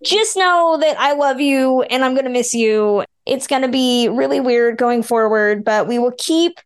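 A woman's voice: sits high, measured pace, clean tone. A woman hosting a podcast, chatting casually and a little emotionally about old films. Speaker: podcast host.

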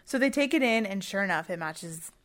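A woman's voice: medium pitch, expressive, fairly quick, a bit bright. A woman hosting a podcast, casually retelling a true-crime case at length and acting out what people said. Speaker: podcast host.

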